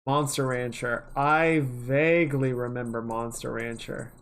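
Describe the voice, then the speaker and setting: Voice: mid-range voice, steady tone, unhurried. A livestreamer in casual chat while working, rambling and chatty, swearing offhandedly now and then.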